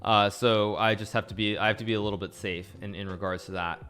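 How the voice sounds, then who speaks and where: A man's voice: on the low side, steady tone, fast, pushed and bright. A man streaming a casual chess game analysis, rambling and often correcting himself. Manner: rambling, with frequent restarts and self-corrections.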